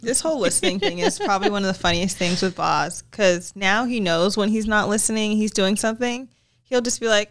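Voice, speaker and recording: A woman's voice: on the high side, expressive, normal speed, fairly bright tone, dry recording, studio quality. A woman co-hosting a casual chat, talking in a chatty way with many fillers and frequent laughs. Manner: chatty, lots of "like", laughs often. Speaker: podcast co-host.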